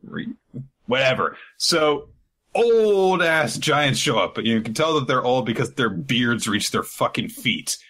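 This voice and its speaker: A man's voice: mid-range voice, sing-song, unhurried, sharp tone. A man co-hosting a podcast, recapping chapters in casual chat and acting out bits in put-on voices. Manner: retells scenes, putting on silly voices. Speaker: podcast co-host.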